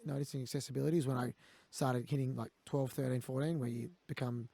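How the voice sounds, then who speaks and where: A man's voice: mid-range voice, fairly even intonation, quick pace, gravelly, warm tone. An Australian man telling candid stories as a guest in a conversation, blunt and peppered with swearing. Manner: blunt, swears, quotes others.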